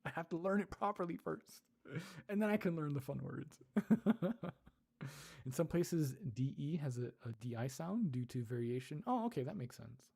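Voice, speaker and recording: A man's voice: a little high, animated, moderate pace, gravelly, a little mellow, breathy edge. A man casually chatting on a livestream, reading chat, laughing often and repeating words as he tries out pronunciations. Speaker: streamer reading live chat.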